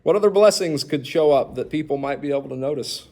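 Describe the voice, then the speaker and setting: A man leading a church Bible study, animated and asking the group questions. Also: fairly high pitch, fast. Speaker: pastor.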